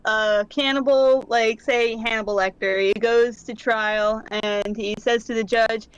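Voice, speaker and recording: A woman's voice: fairly high pitch, steady tone, measured pace, smooth, dry recording, poor audio. A woman co-hosting a casual live-stream chat, giggly and chatty. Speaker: co-host.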